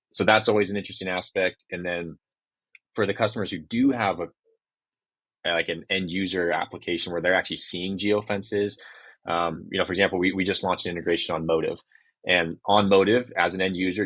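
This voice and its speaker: Brief: podcast guest, man, very deep voice, dry close sound, lively storyteller with filler words. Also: dry recording. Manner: lively storyteller, acts out quotes from customers; frequent fillers and restarts. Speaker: startup co-founder, podcast guest. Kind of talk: casual interview talk.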